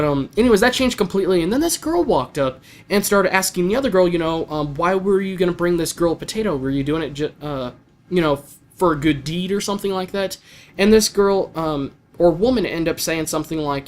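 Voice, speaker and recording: A young man giving a casual, rambling spoken review of an anime episode, full of fillers and restarts. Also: on the high side.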